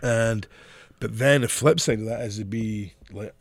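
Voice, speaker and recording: A man's voice: lowish voice, a little slow, no room sound. A man with a Scottish accent, co-hosting a podcast in casual chat, rambling and swearing freely as he tells his stories. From Scotland. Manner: rambling, profane storytelling. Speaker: podcast co-host.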